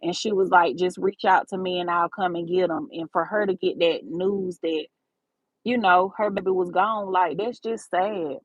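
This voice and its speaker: A woman's voice: fairly low pitch, fairly even intonation, moderate pace, slightly rough, no room sound, highs cut off. A woman, talking straight to her viewers in a casual livestream, calling them baby and y'all. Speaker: livestream host.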